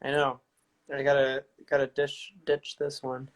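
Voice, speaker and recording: A man guesting on a live chat, relaxed and enthusiastic. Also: medium pitch, unhurried, poor audio. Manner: enthusiastic, laid-back. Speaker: guest filmmaker. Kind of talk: casual chat.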